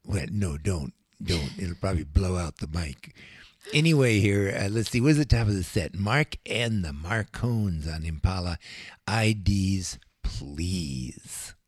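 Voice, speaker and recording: Low husky older man DJ. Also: moderate pace, few pauses, no echo, clean studio sound. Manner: laid-back, rambling with many fillers. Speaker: radio DJ. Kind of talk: casual radio chat.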